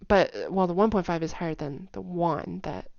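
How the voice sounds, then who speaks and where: Low-voiced woman teaching with sung "da" syllables. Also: gravelly, no echo, highs cut off. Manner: demonstrates pitch with sung "da" syllables and quick repeated words; chatty, with many "like" fillers and soft asides. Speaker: language teacher. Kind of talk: casual explanatory lesson.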